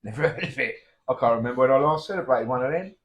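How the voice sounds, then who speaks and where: A middle-aged man delivers cheeky, blokey one-liners in comic banter. His pitch is mid-range for a man but moves animatedly. He keeps it matey and mischievous. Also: animated, rapid-fire, a bit bright. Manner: cheeky, blokey, saying mate a lot. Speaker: comedy double act co-host.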